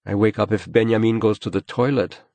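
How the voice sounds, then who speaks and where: Audiobook figure: a patronizing, irritable husband, read by a man in his own low voice, dry sound. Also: fairly even intonation, a little fast, vocal fry, a little mellow, no room sound. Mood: dismissive. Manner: patronizing, brushing things off. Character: irritable, dismissive adult husband.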